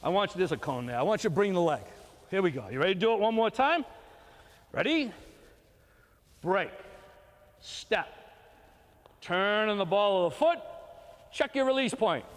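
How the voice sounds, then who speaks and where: A man's voice: sits high, very animated, normal speed, long pauses. An older man coaching young kids through a throwing drill, giving short, encouraging repeated commands. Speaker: youth baseball coach. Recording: long reverb from a hall.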